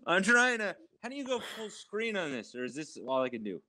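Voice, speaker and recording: Hombre de voz aguda y muy expresiva. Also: male voice, high voice, very animated, a little fast, pushed and bright. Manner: scattered, rambling, laughs often, swears. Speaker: podcast guest. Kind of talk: casual banter on a video call. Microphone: remote video call.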